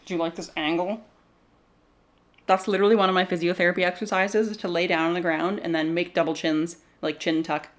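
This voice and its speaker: A young woman vlogger talks straight into her camera, rambling chattily from one thought to the next in a lowish, steady voice at a slightly quick pace. She's a bit out of breath after exercising and laughs easily along the way.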